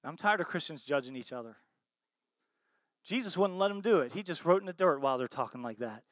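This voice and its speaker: An American man preaching a sermon as pastor, swinging between loud emphatic bursts and low soft asides, and often asking the congregation questions. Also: expressive, fast talker, dry recording, studio quality. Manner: asks the congregation rhetorical questions.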